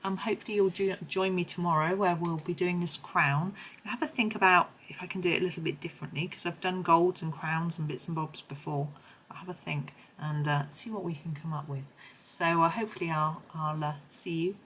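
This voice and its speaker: A low-pitched woman, hoarse today, talks through a colouring tutorial. She rambles and corrects herself as she goes, with faint pencil scratching behind her. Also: fairly even intonation, brisk, a bit bright, slight background noise, rough recording. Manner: chatty, meandering, self-correcting. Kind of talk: casual tutorial narration.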